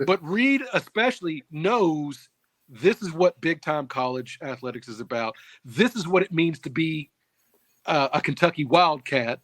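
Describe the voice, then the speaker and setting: A man's voice: a little high, expressive, measured pace, a bit bright, dry recording. A middle-aged man co-hosting a casual sports chat, earnest, often restarting his sentences. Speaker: sports show co-host.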